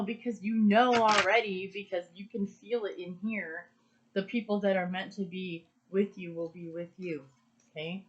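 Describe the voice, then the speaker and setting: A woman's voice: medium pitch, noisy background. A woman talks through a pick-a-card reading in an earnest, emphatic way, circling back to the same phrases to drive them home. Her voice sits in a middle register. The recording is dull and lo-fi. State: emotional. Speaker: tarot card reader.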